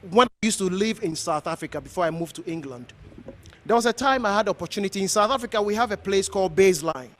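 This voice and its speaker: A man's voice: high-pitched, expressive, fast talker, fairly bright tone, slight background noise. A man from Ghana, a pastor, giving an earnest, exhorting speech to a gathering, repeating himself as he goes. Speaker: pastor hosting an honoring event.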